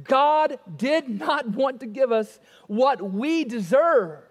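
A man preaching a sermon as pastor, swinging between emphatic, raised lines and soft, quiet drops. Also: very high voice, expressive, takes it slowly. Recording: long reverb of a hall.

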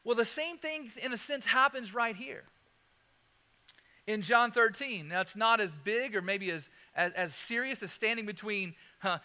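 A man preaching a sermon, swinging from loud emphasis to hushed, slow lines and repeating key phrases. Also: high voice, in a large hall. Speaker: pastor.

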